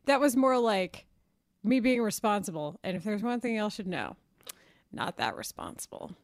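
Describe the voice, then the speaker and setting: A woman co-hosting sports talk radio in a studio, lively and questioning. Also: medium pitch, normal speed, no room sound. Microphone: studio mic.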